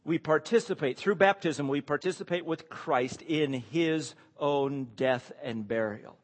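A man's voice: fairly high pitch, measured pace. A man preaching a sermon, asking the congregation questions and stressing key words. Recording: long hall reverb.

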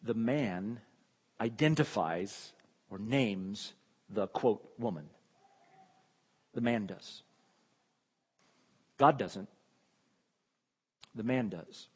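Male preacher, emphatic sermon delivery, slow and deliberate, husky voice, long hall reverb. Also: lowish voice, animated. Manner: emphatic, repeats key phrases, rises when exclaiming. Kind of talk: expository sermon.

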